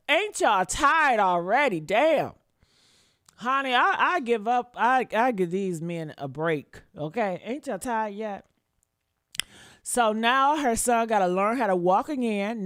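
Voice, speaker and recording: A woman's voice: mid-range voice, a bit bright, no echo, studio quality. A woman hosting a live stream, commenting bluntly and sassily and reading viewer comments aloud. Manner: blunt, sassy, talks straight to viewers. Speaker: livestream commentator.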